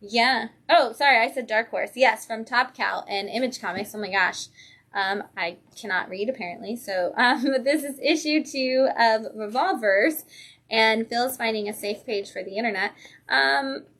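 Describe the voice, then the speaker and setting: A woman's voice: a little high, normal speed, fairly bright tone. A woman co-hosting a comic shop livestream, chatting and reviewing comics, enthusiastic and laughing often. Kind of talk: casual chat, comic reviews.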